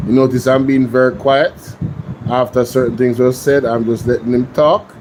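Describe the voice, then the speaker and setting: A man hosting a reaction channel, making slow, calm asides in casual commentary. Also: medium pitch, noisy background.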